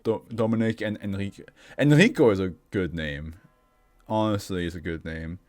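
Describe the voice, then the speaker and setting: Excitable man reacting out loud. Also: low-pitched, normal speed. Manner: animated, swears, laughs often, bursts into shouting. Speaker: host reacting to an anime. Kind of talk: casual reaction commentary.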